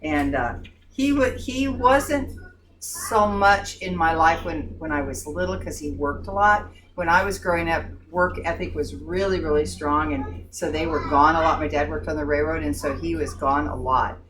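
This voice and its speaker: An older woman telling family stories in a folksy, animated way, laughing at her own tales in a casual group chat. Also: low-pitched, normal speed. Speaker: staff member at a pregnancy center. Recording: distant mic with clear background noise.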